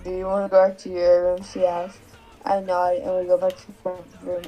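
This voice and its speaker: Woman guest reader, flat and mellow, halting delivery, faint music behind. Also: fairly low pitch, rough recording. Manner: halting, stumbling reading. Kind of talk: reading fanfic aloud.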